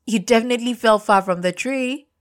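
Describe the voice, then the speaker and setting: A woman's voice: fairly high pitch, fairly quick, voice pushed up, close to an everyday voice. A woman voicing a mocking, tipsy uncle teasing a relative in a spoken story.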